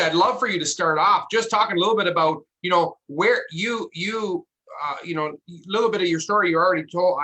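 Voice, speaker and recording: An eager male podcast host with a somewhat high, bright, forward voice. He keeps breaking off and restarting as he asks his questions. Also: rough recording. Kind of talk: casual interview.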